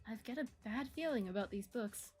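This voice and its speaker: Woman reading a dry, calm game heroine. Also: fairly high pitch, fairly quick, husky, soft background music. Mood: wary. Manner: even, dry, matter-of-fact reading. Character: calm, dry young female game protagonist. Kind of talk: reading game dialogue aloud.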